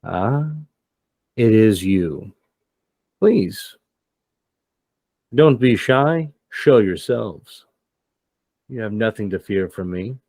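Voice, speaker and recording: Stern old master of martial arts, put on by a man, deep low voice, slow formal speech. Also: expressive, darkish tone, dry recording, exaggerated voice. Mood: mocking welcome.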